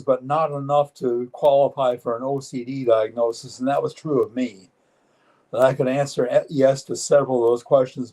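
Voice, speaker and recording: A man in his seventies talks as a guest in a live-streamed interview, his tone mellow and soft-edged. He is earnest and matter-of-fact, often pausing and restarting his sentences. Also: mid-range voice, poor audio. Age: 70s.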